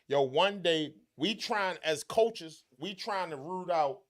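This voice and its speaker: A man's voice: fairly high pitch, animated, slow pace, a bit bright. A man co-hosting a casual podcast chat, telling stories with heavy slang and profanity. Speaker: podcast co-host.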